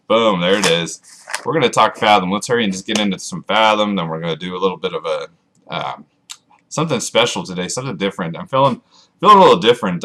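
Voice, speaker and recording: A man vlogging to his camera, rambling and joking at himself in a monotone way. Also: sits low, a little hiss or hum. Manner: self-mocking, rambling, jokey asides. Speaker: author vlogger. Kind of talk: rambling casual vlog to camera.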